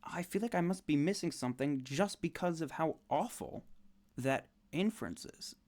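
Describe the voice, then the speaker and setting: A man's voice: on the high side, animated, normal speed, a little mellow. A man giving sarcastic, incredulous reaction commentary on a debate, sounding more and more exasperated.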